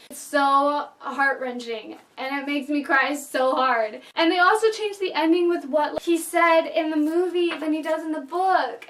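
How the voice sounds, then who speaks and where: A high-pitched woman talks through a book-and-movie review, chatty and openly emotional. Her voice sits a little back from the mic. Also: a bit bright, distant mic. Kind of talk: casual vlog review.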